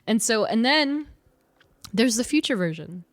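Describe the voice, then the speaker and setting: A woman co-hosting a podcast in casual chat, animated and laughing often, bursting into loud acted-out quotes. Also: on the high side, a little slow, dry recording. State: short on sleep. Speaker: podcast co-host.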